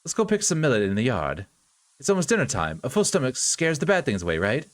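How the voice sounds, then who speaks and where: A man voicing a caring, devoted young woman in a visual novel read-through, speaking softly and pleadingly. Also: medium pitch, wildly swooping pitch, fast. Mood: tender. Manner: soft, pleading and tender.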